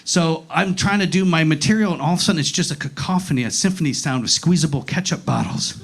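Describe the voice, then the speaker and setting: Gravelly high-voiced male comedian. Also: fast, slight background noise. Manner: animated storytelling, acts out voices, frequent swearing. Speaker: stand-up comedian. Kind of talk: stand-up set. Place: comedy club stage, live audience.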